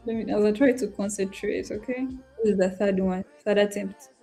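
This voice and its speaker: A woman's voice: mid-range voice, creaky, mellow. A young woman hosting a live trading stream, chatting casually to viewers, emotional and apologetic as she talks to herself. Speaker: trading livestream host. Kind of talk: casual livestream chat to viewers. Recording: faint music behind.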